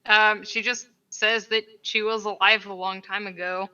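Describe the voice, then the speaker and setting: Bright-voiced woman player, hesitant. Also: medium pitch, little pitch movement, measured pace, clean tone. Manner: hesitant, lots of likes and ums. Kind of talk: casual tabletop game talk. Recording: dull distant mic.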